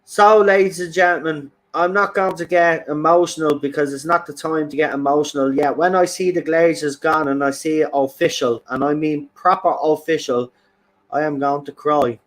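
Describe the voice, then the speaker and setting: A man's voice: fairly high pitch, steady tone, normal speed, fairly bright tone. A young man hosting a fan channel, talking with emphatic, repetitive passion. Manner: passionate, emphatic, repeats himself for effect. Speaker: football fan channel host. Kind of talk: excited fan commentary.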